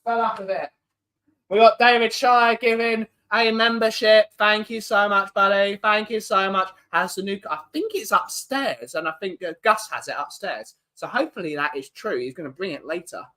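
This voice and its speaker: Bright, high-voiced man hosting a livestream. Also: normal speed. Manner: chatty, greeting viewers in chat one by one. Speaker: livestream host. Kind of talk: casual live-stream chat.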